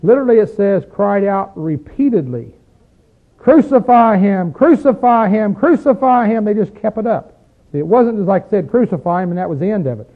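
Male preacher, high-pitched and folksy, asks the room rhetorical questions. Thin phone-like recording. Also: very animated. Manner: rises into loud, drawn-out chanting when acting out crowds in the text. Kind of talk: conversational sermon with scripture reading.

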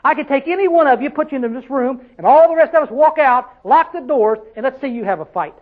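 Man, preacher, very high voice, folksy rhetorical sermon, tinny phone-like recording. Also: lively intonation, fast. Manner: folksy, rhetorical questions, dialect grammar.

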